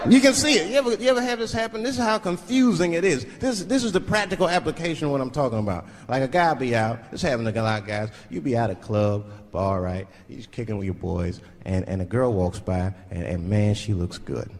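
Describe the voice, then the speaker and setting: A man's voice: fairly high pitch, fast talker, hardly any pauses. A man doing stand-up comedy, telling stories in a loose, conversational way and acting out other people's voices. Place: theater stage. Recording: live show in a large hall, faint ambience.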